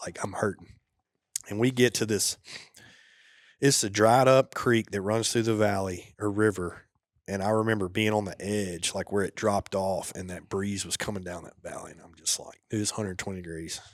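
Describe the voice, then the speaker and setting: A man, a former soldier guesting on a podcast, telling a war story in a casual, laid-back way. He drops to a quiet murmur at the grim parts. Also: fairly low pitch, steady tone, moderate pace, dry recording, clean studio sound.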